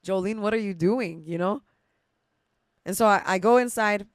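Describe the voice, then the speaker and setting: A woman's voice: medium pitch, moderate pace, no echo, studio quality. A young woman hosting a podcast, telling a rambling personal story with lots of laughs and casual swearing. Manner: chatty and emotional, laughs often, swears casually. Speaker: podcast host.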